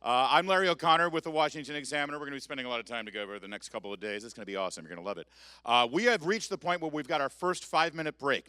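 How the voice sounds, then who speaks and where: Man, conference emcee, jokey, brisk, smooth resonant voice, dry close sound. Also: on the high side, pushed and bright, dry recording. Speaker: event emcee. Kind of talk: stage announcement. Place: conference stage.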